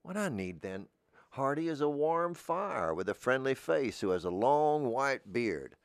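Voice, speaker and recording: A middle-aged man with a Southern American accent, hosting a rambling comedic monologue in a deadpan, meandering way and drifting into goofy voices. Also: medium pitch, a little slow, clean tone, no echo, studio quality. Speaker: podcast host.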